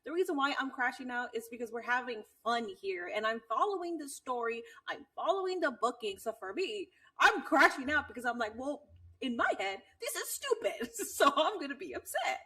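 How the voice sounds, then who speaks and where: A woman co-hosting a podcast in a casual, animated chat. Her voice is on the high side and swings widely in pitch, and she laughs and swears freely. She sits a little back from the microphone. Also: fairly quick, recorded from a distance. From Latina. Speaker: podcast co-host.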